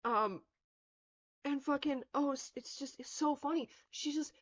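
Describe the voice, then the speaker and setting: A woman's voice: high voice, measured pace. A woman streamer telling a long story in a casual, rambling way, full of swearing and fillers. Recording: dull lo-fi stream mic.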